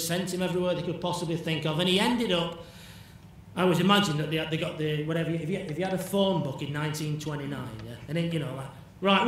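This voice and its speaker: A man gives a chatty conference lecture and acts out bits of dialogue. His voice sits slightly high. He is picked up from a distance in an echoey hall, with faint noise underneath. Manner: conversational, checks in with "yeah?", acts out imagined dialogue.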